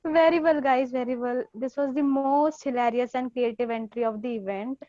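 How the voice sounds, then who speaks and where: A woman's voice: sits high, moderate pace, warm tone, dry recording. A young woman hosting a college event, making upbeat, formal scripted announcements. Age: young adult. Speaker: event host. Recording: dull lo-fi dry audio.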